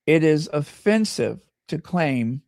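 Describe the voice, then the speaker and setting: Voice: medium pitch, expressive, slow, a little mellow, dry recording, clean studio sound. An American host giving impassioned, emphatic livestream commentary and reading viewer comments aloud. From United States. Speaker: channel host.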